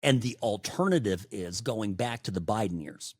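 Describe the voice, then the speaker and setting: A middle-aged man hosting a talk radio show, delivering an opinionated, sarcastic monologue that swings between loud outbursts and hushed asides. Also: on the low side, animated, normal speed, breathy edge, no echo.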